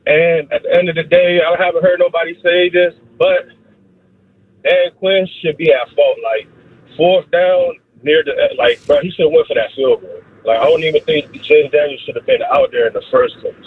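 Husky man in his thirties on the phone. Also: on the high side, moderate pace, no room sound. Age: 30s. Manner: casual, rambling, frustrated. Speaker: caller. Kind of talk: call-in on a phone line. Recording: tinny dry phone line.

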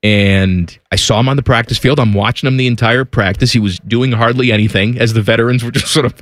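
A man's voice: mid-range voice, a little fast, dry recording. A man hosting a radio show in a studio, telling a story in casual chat and acting out the quotes. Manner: animated storyteller, acts out quotes. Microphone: studio microphone.

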